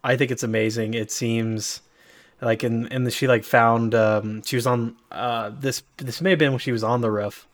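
A man co-hosting a podcast, talking casually in a halting way with many fillers and restarts. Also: medium pitch, fairly even intonation. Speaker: podcast co-host. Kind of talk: casual chat.

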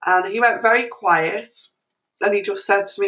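A middle-aged woman, an interview guest, telling a story in an animated way with many restarts and fillers. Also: mid-range voice, normal speed, rough recording.

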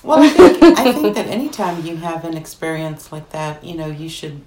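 A middle-aged woman talking casually, halting with frequent pauses. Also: low-pitched, very animated, mellow, echoey room. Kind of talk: casual conversation.

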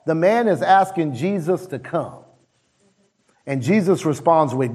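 A man preaching a sermon as pastor, emphatic, slowing down on key phrases and swinging high for emphasis. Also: lively intonation, darkish tone, breathy edge.

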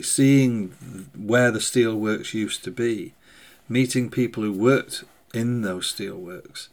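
A man hosting a podcast, speaking a slow, thoughtful spoken meditation with hesitant phrasing. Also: mid-range voice. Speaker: podcast host. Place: indoors by a window in the rain.

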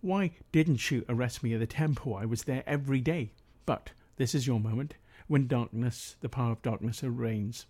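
A man voicing Jesus in a scripture reading, in a plain, measured reading voice. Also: medium pitch, darkish tone, natural voice. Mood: solemn. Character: Jesus, grave man praying and teaching.

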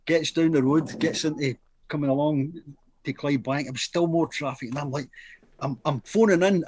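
A man's voice: on the high side, normal speed, darkish tone, husky. A Scottish man in his fifties, a former footballer, telling a match story in casual chat, acting out quotes and laughing often.

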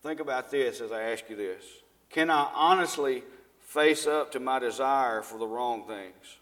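Middle-aged man, mid-pitched, preaching live to a congregation with a loose, repetitive manner; the big hall rings behind him. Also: a little slow, fairly bright tone. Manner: conversational, asks the audience questions and repeats himself. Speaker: lay preacher and school teacher. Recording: long reverb of a large hall.

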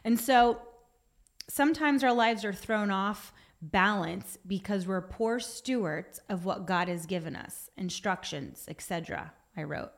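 A woman's voice: medium pitch, unhurried. A woman giving an earnest devotional talk, exhorting her listeners and reading from her notes. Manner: puts on a whiny voice for effect. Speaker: Christian speaker.

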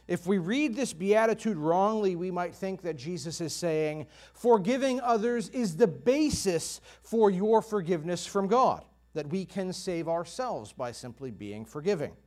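A man's voice: sits high, a little mellow. A man preaching a sermon in an earnest, emphatic way, pressing hard on his key points. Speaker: pastor.

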